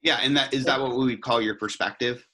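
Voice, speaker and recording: A man's voice: mid-range voice, quick pace, bright, forceful tone, slight background noise. A man interviewing a guest, asking curious, probing questions. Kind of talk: academic interview.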